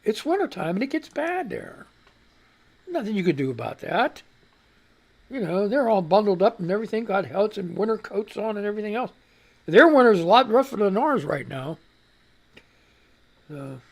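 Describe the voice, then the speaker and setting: A woman's voice: medium pitch, sing-song, normal speed, long pauses. A woman hosting a live radio news show, reading stories and ranting about them in a rambling, exasperated way. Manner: rambling, growing angry and exasperated. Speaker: host of a news commentary show.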